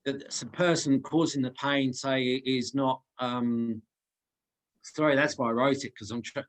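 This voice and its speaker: A man, a student, asking a hesitant, halting question over a video call. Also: medium pitch, fairly even intonation, rough recording. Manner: hesitant, halting, restarts words.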